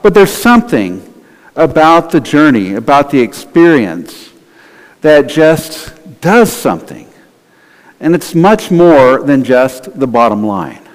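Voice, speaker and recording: A male pastor giving a conversational sermon in a church, sometimes acting out quoted voices. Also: fairly high pitch. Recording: long hall reverb.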